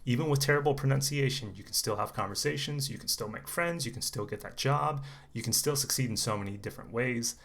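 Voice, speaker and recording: A man runs a casual pronunciation lesson as a conversation coach, speaking at an ordinary mid pitch. He talks in a relaxed, chatty way and slows down to repeat each sound for learners. It is one unedited take recorded on a camera mic. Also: creaky. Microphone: camera mic, unedited single take.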